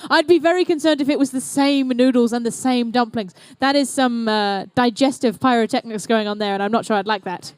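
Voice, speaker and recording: A woman's voice: on the high side, a little fast, hardly any pauses, a little mellow, clear, resonant tone, no echo, studio quality. A young woman doing live, playful, chatty commentary at an indoor competition. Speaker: event commentator.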